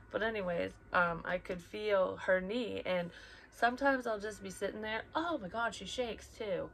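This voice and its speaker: A woman's voice: mid-range voice, vocal fry, slight background noise. A young woman talking casually as a psychic reader, blunt and rambling, swearing often and sometimes dropping to a whisper. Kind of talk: casual personal chat.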